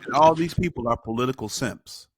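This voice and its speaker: A man co-hosting a political podcast, reading news items aloud and adding wry comments. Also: medium pitch. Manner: measured, wry, reads then comments. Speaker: podcast co-host.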